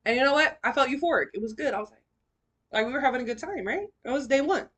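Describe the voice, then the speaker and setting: A woman's voice: high-pitched, lively intonation, fast talker, fairly bright tone. A young woman, hosting a podcast and telling her own story in a slangy, profane, emotional way. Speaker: podcast host. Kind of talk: personal storytelling.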